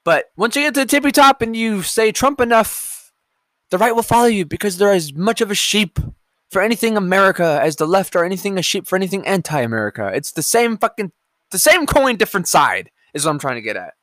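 A man's voice: high voice, sing-song, fairly quick, fairly bright tone, no echo. A man hosting a podcast, ranting casually about politics, sarcastic and profane, drifting off into hummed filler between stories. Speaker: podcast host.

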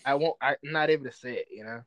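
A man's voice: mid-range voice, quick pace, dry recording. A man co-hosting a podcast in casual chat, rambling and trailing off in slangy talk. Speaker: podcast co-host.

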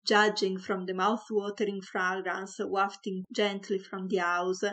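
A woman reading a comic story aloud, with a wry, mock-dramatic narration. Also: mid-range voice.

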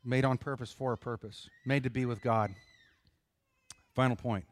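A middle-aged man preaching a sermon in an earnest, conversational way, pausing for emphasis. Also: medium pitch, fairly even intonation, no echo. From United States. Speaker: pastor.

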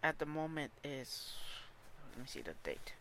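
Brief: male podcast host, casual solo talk, stumbling and frank, bright sound. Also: on the high side, very animated, normal speed, a little hiss or hum. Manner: hesitant, many fillers and restarts; candid and informal.

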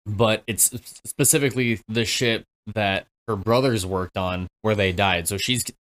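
A man on a movie podcast, relaxed and chatty, filling in story background for his co-host. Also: lowish voice, moderate pace. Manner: laid-back, explains lore, chuckles along. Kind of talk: casual movie commentary chat.

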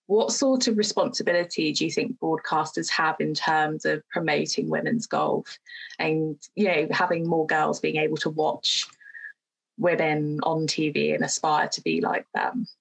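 Low, gravelly woman interviewer. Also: fairly even intonation, normal speed, low-quality recording. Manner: asks long, friendly questions. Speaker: interviewer, podcast host. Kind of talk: interview questions.

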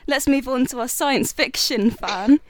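A woman hosting a podcast, who rambles and giggles through casual banter before she steers on to the next guest. Her voice sits fairly high, and the sound is dry and close with no room echo. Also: unhurried. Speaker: podcast host. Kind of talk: casual chat.

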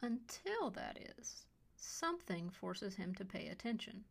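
A woman hosting a fiction podcast, introducing and reading a short story in a measured, dry way that often drops to a hush. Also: medium pitch, very animated, gravelly. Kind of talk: scripted story narration.

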